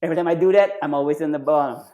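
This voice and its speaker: A man with a slightly high-pitched voice chats as a podcast guest. He tells stories in a loose, animated way, full of restarts, and keeps jumping up in pitch to act out what others said. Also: racing, lo-fi sound. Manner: animated, acts out quoted voices with jumps in pitch; loose phrasing with frequent restarts and fillers. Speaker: podcast guest, retired Navy SEAL and triathlete. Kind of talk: casual storytelling in conversation.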